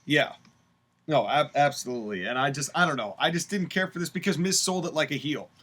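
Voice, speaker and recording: A man co-hosting a casual podcast, opinionated and animated as he breaks things down. His voice sits a bit higher than most men's. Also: a little fast. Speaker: podcast co-host. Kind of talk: casual chat.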